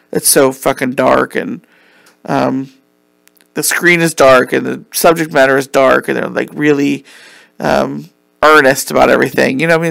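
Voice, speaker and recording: A man's voice: medium pitch, vocal fry, a bit bright, no room sound. A man hosting a casual solo podcast, rambling and chatty with lots of ums and some swearing, while losing his voice. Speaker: podcast host.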